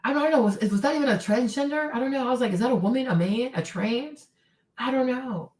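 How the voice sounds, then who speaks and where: Woman, streamer host, ranting, sarcastic, profane, slightly high voice, echoey room, a bit off-mic. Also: a little fast, darkish tone, far from the mic. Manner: heated, sarcastic, profane, mimics others in quotes. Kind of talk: casual ranting commentary.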